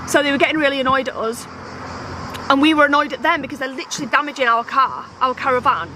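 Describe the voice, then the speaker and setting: A woman's voice: sits high, fast talker, rough recording. A woman vlogging outdoors at a campsite, telling an exasperated story and acting out what people said. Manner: animated, exasperated, acts out quoted dialogue. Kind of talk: casual vlog storytelling. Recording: outdoor phone video with traffic noise. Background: passing cars and outdoor ambience.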